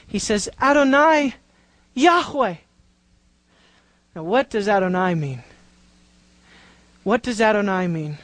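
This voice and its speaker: A woman's voice: mid-range voice, expressive, takes it slowly, pauses often, dry recording, poor audio. A woman preaching a Bible-teaching sermon, drawing out key words for emphasis and putting questions to the congregation.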